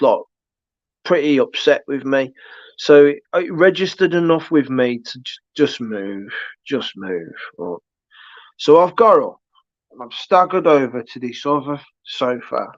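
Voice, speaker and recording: A man's voice: a little high, animated, measured pace, no echo. A man telling a long anecdote on a livestream, rambling, full of restarts and asides. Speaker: livestream host. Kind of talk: casual storytelling chat. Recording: dull lo-fi dry stream audio.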